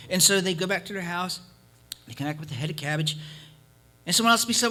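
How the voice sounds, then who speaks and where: Delivering a forceful sermon, this man repeats his points for emphasis and works in a folk story. He preaches fast in a high voice with a sharp tone.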